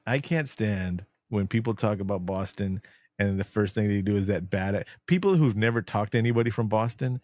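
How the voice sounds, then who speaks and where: Man from San Antonio, podcast co-host, blunt ranter, low voice. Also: normal speed, darkish tone, dry recording, clean studio sound. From San Antonio, Texas. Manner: ranting, blunt, swears freely. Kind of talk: casual chat.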